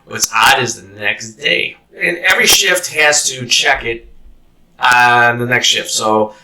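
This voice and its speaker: A man hosting an interview and telling his own story in an animated, casual way. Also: mid-range voice, unhurried, distant mic, a little hiss or hum, low-quality recording. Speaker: host and former corrections officer.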